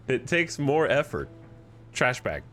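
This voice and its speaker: A man from the United States giving casual, animated commentary as he streams a game and argues with his chat. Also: mid-range voice. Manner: animated, argumentative, thinks aloud.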